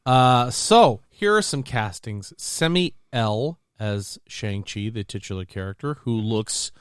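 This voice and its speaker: A man co-hosting a casual podcast chat about movies and games, excitable and quick to act out quotes. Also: clean tone, no room sound, clean studio sound. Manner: excitable, acts out quotes in big high voices. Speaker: podcast co-host.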